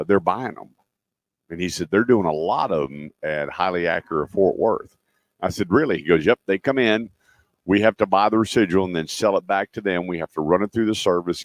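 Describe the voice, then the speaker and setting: A man's voice: low voice, no echo. A middle-aged man hosting a live car radio show, telling folksy stories with lots of fillers. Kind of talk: live radio talk with dealership promos. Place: live remote broadcast at a dealership.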